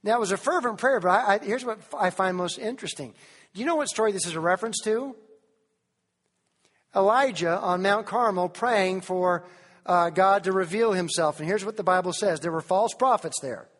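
A Tennessee preacher delivers an animated sermon in a large hall, repeatedly asking the congregation questions and quoting King James scripture. His voice is high and his pace moderate.

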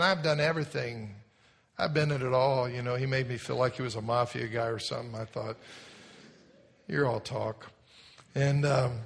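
A man preaching a sermon, telling a folksy story and building to loud exhortation. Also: a little high. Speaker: pastor. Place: large church hall. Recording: long hall reverb.

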